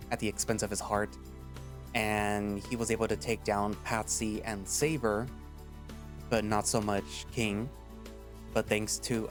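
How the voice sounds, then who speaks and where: A man with a low voice reads a story aloud, narrating in the first person. Between chapters he gives loose, rambling recaps full of fillers. Faint music runs underneath. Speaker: story reader. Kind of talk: reading a fan story aloud.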